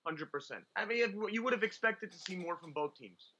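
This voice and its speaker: Male caller on a live stream, relaxed and hopeful, slightly high pitch. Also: a little fast, a little hiss or hum. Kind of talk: casual chat.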